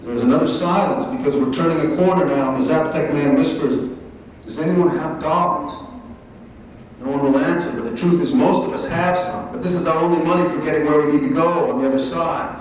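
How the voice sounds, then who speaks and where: A male author reading a passage of his novel aloud in a measured, steady voice at a library event. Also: a little high. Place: large library event hall. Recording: echoey hall, mic from far off.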